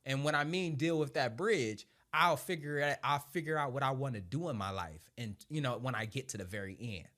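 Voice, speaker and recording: Animated, swearing ex-Marine telling stories. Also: male voice, mid-range voice, a little fast, few pauses. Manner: animated, laughing, profane. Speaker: former Marine sergeant and speaker. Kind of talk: conversational storytelling.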